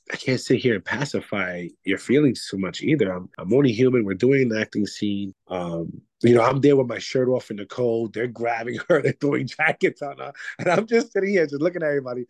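A man's voice: medium pitch, a little mellow, no echo. A man from Puerto Rico, an actor and comedian, chatting loosely in an interview, full of restarts and "you know.". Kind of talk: casual interview chat.

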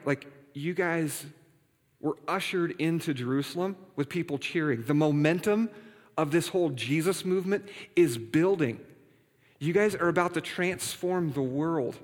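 A male pastor preaching a sermon in a conversational, playful way, often checking in with the congregation. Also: on the high side. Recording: reverberant hall.

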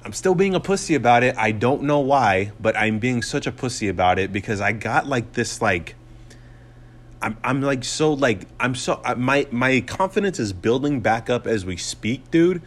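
A young man in his mid-twenties runs his solo podcast with a loose, foul-mouthed rant. His voice sits at a middle pitch, and he circles back on himself with fillers, sarcasm and many false starts. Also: lively intonation, moderate pace. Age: 20s. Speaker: podcast host and comedian.

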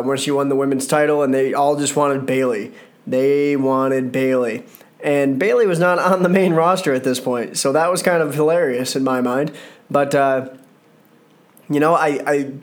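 A man giving casual solo commentary on a wrestling show, rambling, joking and correcting himself as he goes. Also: a little high. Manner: rambling, self-correcting, jokey.

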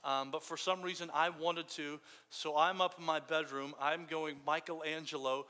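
Bright-voiced man preaching in a hall. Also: a little high, normal speed. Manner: casual storytelling preacher, animated quotes. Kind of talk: sermon. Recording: long hall reverb.

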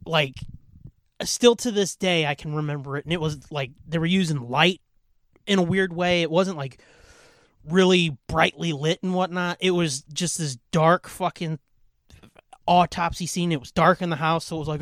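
A man's voice: a little high, steady tone, normal speed, a bit bright, no echo. A man in his thirties hosting a live podcast chat, telling a story in a loose, rambling way and swearing freely. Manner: profane, rambling storytelling with filler words. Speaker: podcast host. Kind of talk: casual live chat on a voice call.

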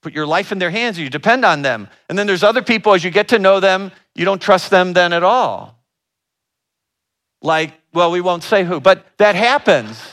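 A man from Northern Ohio, a relationship educator, giving a talk and telling an animated story with asides to the audience. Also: high voice, normal speed.

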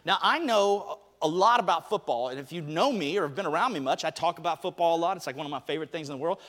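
Bright high-voiced male pastor preaching. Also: expressive, fast. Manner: chatty storytelling that builds to emphatic preaching. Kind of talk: sermon opening with a personal story. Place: church sanctuary. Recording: long hall reverb.

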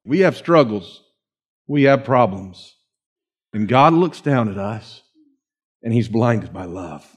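A middle-aged man preaching a conversational, animated sermon, slowing to hushed readings of scripture. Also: mid-range voice, slightly rough. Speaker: pastor.

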